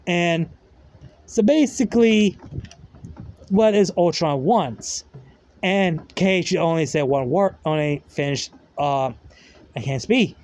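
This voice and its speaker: A man's voice: a little high, takes it slowly, long pauses, a little mellow. A man casually retelling a fan story in a rambling way, full of fillers and loose grammar.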